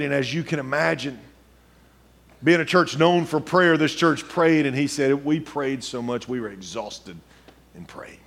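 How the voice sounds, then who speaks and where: A middle-aged man preaching a sermon, telling a story quietly, then building into rising, urgent preaching. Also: fairly high pitch, a little slow, vocal fry, husky.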